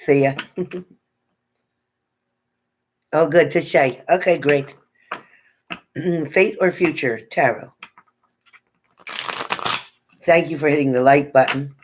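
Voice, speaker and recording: A woman's voice: sits low, very slow, long pauses, background noise. A woman tarot reader chatting casually on a live stream, reading out viewers' names and sometimes stumbling over them.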